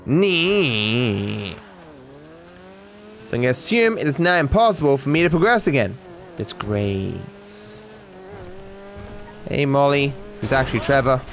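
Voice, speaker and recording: A man's voice: mid-range voice, very animated, measured pace, long pauses, slight background noise. An Australian man giving sarcastic, swearing live commentary on a game as a streamer, talking to his chat.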